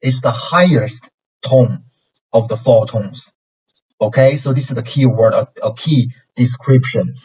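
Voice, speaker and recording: A man's voice: medium pitch, measured pace, darkish tone, slightly rough. A man with a Chinese accent teaching pronunciation, patiently repeating syllables with exaggerated tones. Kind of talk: pronunciation lesson. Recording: distant, dull lo-fi mic.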